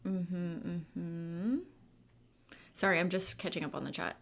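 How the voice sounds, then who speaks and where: A woman's voice: lowish voice, unhurried, creaky, a bit bright. A woman hosting a book club livestream, chatting casually and reading viewer comments aloud with lots of fillers.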